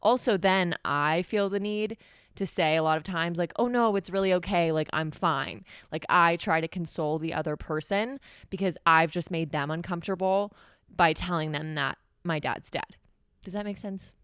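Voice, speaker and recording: Young woman podcast host, lowish smooth voice, candid and chatty, dry close sound. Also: normal speed, a bit bright, no room sound. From New Mexico, USA. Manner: candid, conversational, heavy use of "like". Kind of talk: solo podcast storytelling.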